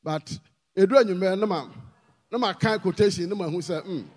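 A man with a Ghanaian accent preaching a sermon, pleading with the congregation and rising to shouted emphasis. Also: high voice, fairly quick, long reverb tail.

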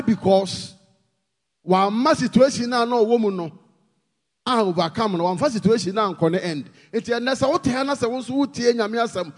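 A man with a Ghanaian accent preaching a sermon, pleading with the congregation and rising to shouted emphasis. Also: very high voice, long reverb tail.

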